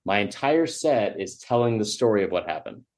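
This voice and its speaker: A sports media personality, guesting on a podcast, spins a long and casual story at a normal speed. He's an animated storyteller who voices the other people in it with sudden pitch jumps, joking around and swearing as he goes.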